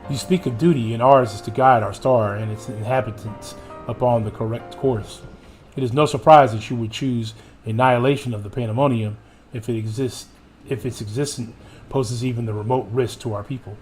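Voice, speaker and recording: A man's voice: medium pitch, fairly even intonation, fairly quick, darkish tone, faint music behind. Man reading game dialogue theatrically. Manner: theatrical reading, playful asides to chat. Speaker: gaming streamer.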